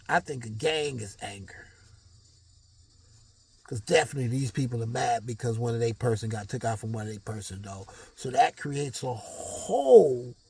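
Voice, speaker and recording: A man's voice: mid-range voice, a little mellow, husky. A man vlogging a rambling, slangy motivational monologue.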